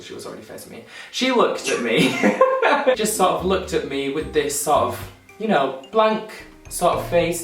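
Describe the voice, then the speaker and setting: A man's voice: on the high side, a bit bright. A young man telling stories in a casual vlog, chatty and laughing often, swearing freely. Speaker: vlogger. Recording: echoey room, mic at a distance.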